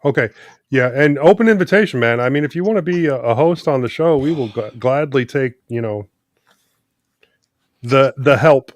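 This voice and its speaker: A mid-pitched man hosting a laid-back podcast who teases the others and drifts through "um"s. His voice is close and dry, with no room sound. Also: expressive, moderate pace, dry recording. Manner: teasing jokes, loose with fillers. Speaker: podcast host. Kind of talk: casual chat.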